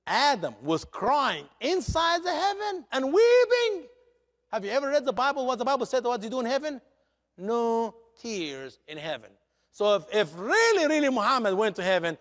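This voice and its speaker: Male guest preacher, dramatic storyteller, high animated voice, long church reverb. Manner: dramatic, expressive, non-native grammar. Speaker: guest speaker.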